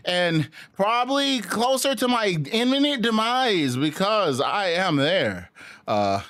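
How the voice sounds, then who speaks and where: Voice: medium pitch, fairly bright tone. A live streamer chatting casually to viewers while out of breath from exercising, sighing and puffing between sentences.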